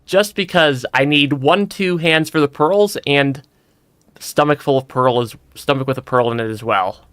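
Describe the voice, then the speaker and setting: A man's voice: fairly high pitch, moderate pace, fairly bright tone, clear, resonant tone, no echo. A young man giving casual let's-play commentary, stammering and restarting often and laughing between remarks. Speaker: streamer.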